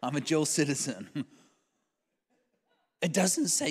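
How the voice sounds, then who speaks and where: This guest preacher, with a medium-pitched, fairly bright voice at a moderate pace, narrates a sermon story at a church event and acts out its dialogue. The recording has the long reverb of a large church hall.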